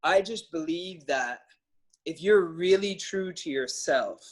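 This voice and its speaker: A man's voice: on the high side, expressive, slow. A man telling stories in casual, emphatic talk, swearing now and then as a coach. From Canada. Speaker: trainer and guest coach.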